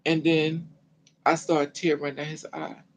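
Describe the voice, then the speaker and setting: A woman recounting a personal story in an animated, dramatic way, full of colloquial slang. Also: sits low, measured pace, gravelly, a little hiss or hum, rough recording. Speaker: storyteller vlogger.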